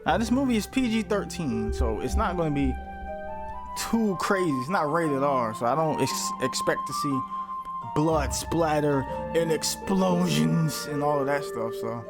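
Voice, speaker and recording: A man's voice: fairly high pitch, expressive, unhurried, loud music behind the voice. A man hosting a movie reaction who jokes and talks back to the screen, now and then breaking into mock screams. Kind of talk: casual chat over a movie.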